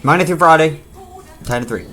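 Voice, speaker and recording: Brief: high-pitched male host, brash and profane, shouting over background music. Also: fairly quick. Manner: loud, profane, often shouting and laughing. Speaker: podcast host. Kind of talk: rowdy casual chat. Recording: music playing behind.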